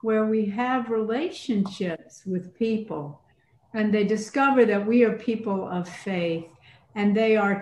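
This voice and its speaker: Older woman priest in an echoey room. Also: mid-range voice. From Atlanta, USA. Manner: storytelling, animated with laughs. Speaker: priest and former university chaplain. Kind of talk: conversational reflection. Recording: roomy echo.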